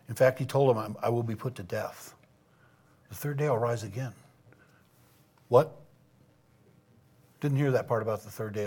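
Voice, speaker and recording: A man's voice: medium pitch, normal speed, pauses often, breathy edge. A man preaching a sermon in a conversational way, stopping to restart phrases and acting out what people might have said. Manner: conversational, acts out quoted voices, frequent restarts.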